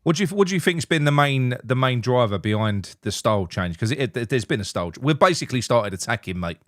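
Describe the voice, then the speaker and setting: A blunt, sweary man talks football in casual, joking banter. His voice sits at an ordinary middle pitch and sounds dry and close, with no room around it. He chats loosely with a co-host. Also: lively intonation, fast talker, no room sound. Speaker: show host.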